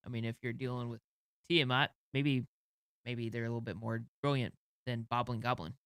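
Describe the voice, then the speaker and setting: A man's voice: mid-range voice, steady tone, fairly quick, a bit bright, smooth, no echo. A man on a podcast, reasoning aloud about a game ruling with dry humor. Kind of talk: casual chat about tabletop gaming.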